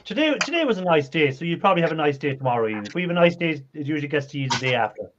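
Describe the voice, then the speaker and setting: A man's voice: fairly high pitch, very fast. A man co-hosting a casual livestream chat, teasing and laughing often as he reads out viewer questions. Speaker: co-host reading viewer comments. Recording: dull lo-fi sound with steady noise.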